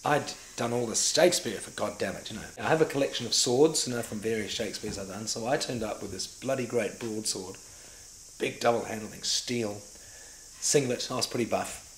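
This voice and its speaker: Middle-aged New Zealand actor, fairly low voice, animated storyteller, echoey room with faint ambience. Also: male voice, fairly quick, a little hiss or hum. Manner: animated storyteller who acts out remembered dialogue. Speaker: actor and director interviewee. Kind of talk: casual anecdotal interview.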